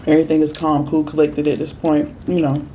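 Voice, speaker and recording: A woman food vlogger chatting through a storytime while she eats, with emphatic repeats and lively quoted voices. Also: low-pitched, a little fast, noisy background. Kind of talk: casual storytime while eating.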